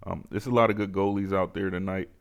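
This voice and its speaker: Host, male, low gravelly voice, laid-back betting picks. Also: steady tone, quick pace. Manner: laid-back, talks to viewers, repeats phrases. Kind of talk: casual sports betting picks.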